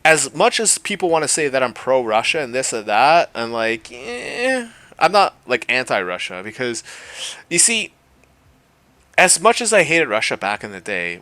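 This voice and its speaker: A man ranting on his own video channel, profane and mocking, with rambling fillers, swinging from loud jeers to low mutters. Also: no echo. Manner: rambling with frequent fillers and laughs. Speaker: YouTube commentator. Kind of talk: unscripted solo rant.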